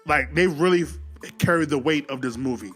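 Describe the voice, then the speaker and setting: A man casually recapping a movie, animated, often acting out the characters' lines. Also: on the high side, brisk, faint music behind. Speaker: movie reviewer.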